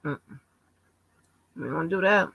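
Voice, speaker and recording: A woman hosting a casual livestream, talking bluntly and combatively with frequent swearing and halting restarts. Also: lowish voice, creaky, a bit bright, dry recording, rough recording. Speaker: livestream host.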